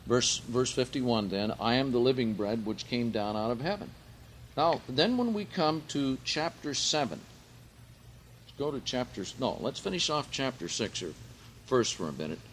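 Slow, emphatic male preacher. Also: a bit bright, slight background noise. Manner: slow, emphatic, lifts pitch on key words; pronounces Greek phrases carefully. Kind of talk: Bible teaching sermon.

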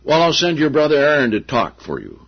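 Husky animated male preacher, lo-fi. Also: a little high, brisk. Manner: animated storytelling, acting out quotes. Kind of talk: sermon. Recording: dull lo-fi sound.

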